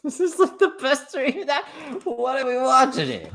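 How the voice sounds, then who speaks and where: A man's voice: very high voice, huge pitch swings, normal speed, a bit bright. A man hosting, reacting to clips with sarcastic, mocking asides. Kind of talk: reaction commentary.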